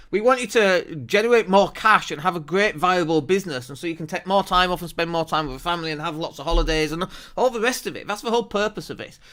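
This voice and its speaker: Animated high-voiced man. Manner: energetic, persuasive, animated. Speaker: podcast host, marketing agency owner. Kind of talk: direct-to-camera marketing talk. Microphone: camera at desk.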